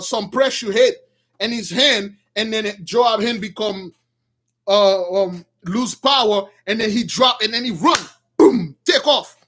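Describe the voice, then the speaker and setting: High-pitched man retelling a story excitedly. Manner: excited storytelling, shouting bursts and frequent restarts. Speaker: religious storyteller. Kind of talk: animated retelling of a scripture story.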